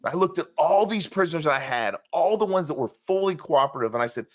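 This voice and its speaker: A man telling a story in an interview, earnest and urgent, acting out the dialogue of the people in it with big jumps in pitch and loudness. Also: brisk, hardly any pauses, lo-fi sound. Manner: animated, acts out quoted dialogue with big shifts in pitch and loudness.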